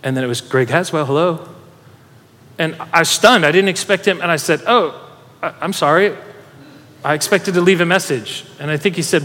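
A man with a high voice preaches in a large church hall, and a long reverb trails after his words. He tells stories with energy and urges the congregation to join in. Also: moderate pace. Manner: animated storytelling preacher, urging the congregation. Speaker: pastor. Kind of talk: sermon.

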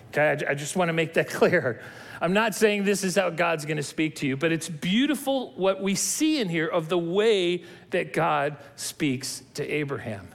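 Animated high-voiced male preacher. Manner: animated, emphatic, with restarts and acted-out dialogue. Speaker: pastor. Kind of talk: sermon.

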